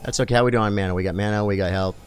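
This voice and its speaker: A man streaming a video game, commentating live and swinging from quiet muttering to excited shouts. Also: lowish voice, racing, a little hiss or hum. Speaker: gaming streamer.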